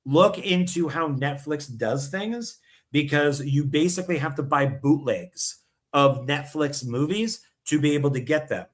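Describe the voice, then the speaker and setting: A man co-hosting a casual podcast, chatty and quick to tell a long story or explain something at length. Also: a little high. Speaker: podcast co-host. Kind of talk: casual livestream chat.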